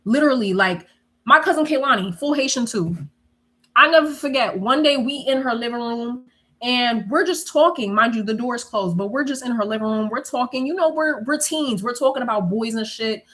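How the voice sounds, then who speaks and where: A young woman telling stories in a casual, animated way, swearing freely and laughing often. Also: on the high side, moderate pace. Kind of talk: casual storytelling chat.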